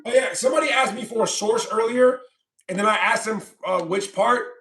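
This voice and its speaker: A man's voice: high-pitched, fairly quick, vocal fry, faint music behind. A man streaming live, reading chat comments aloud and mocking them combatively. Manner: combative, mocking, loud outbursts.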